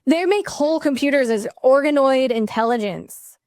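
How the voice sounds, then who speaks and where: A woman chatting as a podcast guest, excited and rambling, with many fillers. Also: high-pitched, normal speed, dry recording, clean studio sound. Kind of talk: casual chat.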